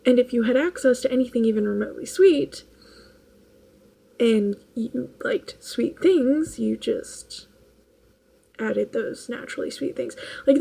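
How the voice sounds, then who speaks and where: Husky, gravelly-voiced woman vlogger. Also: a little high, warm tone, rough recording. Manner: rambling, laughs often, restarts. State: tired late at night. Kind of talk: casual chat.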